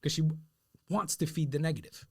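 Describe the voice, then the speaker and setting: A man's voice: on the high side, brisk, gravelly, slightly rough. A man on a podcast telling an everyday story in a casual, informal way during conversation. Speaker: podcast co-host.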